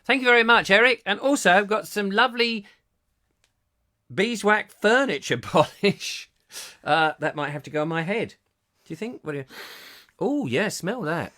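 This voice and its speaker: A man's voice: high voice, moderate pace, long pauses, pushed and bright. A man hosting a comic live chat show, jokey and playful with rambling asides. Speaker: host.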